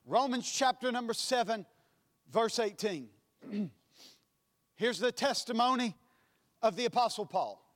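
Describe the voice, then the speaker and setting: A man preaching a sermon in a church, impassioned, swinging between loud and soft passages. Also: very high voice, animated, a little slow, long pauses. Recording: long hall reverb.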